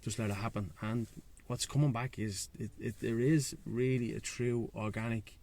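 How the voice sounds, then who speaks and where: A man's voice: on the low side, steady tone, normal speed, gravelly, darkish tone. A man with a Dublin Irish accent talks as a guest in a casual chat, frank, slangy and swearing freely, outdoors by the sea. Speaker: guest, breathwork and sea-swim facilitator.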